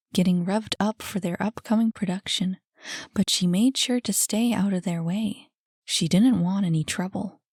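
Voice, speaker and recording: Woman audiobook narrator, even and matter-of-fact, close dry recording. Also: medium pitch, no room sound. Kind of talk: reading a novel aloud.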